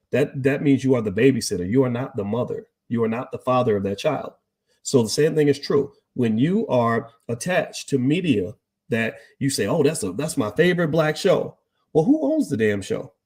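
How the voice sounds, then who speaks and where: A man's voice: mid-range voice, a little mellow. A man hosting a live stream, talking emphatically to his chat audience and firing off rhetorical questions.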